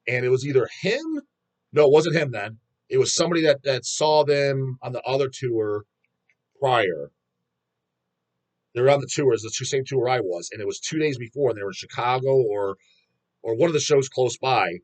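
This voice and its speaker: A man's voice: medium pitch, lively intonation, normal speed. A man hosting a metal channel, ranting bluntly in a rambling, profanity-heavy vlog monologue.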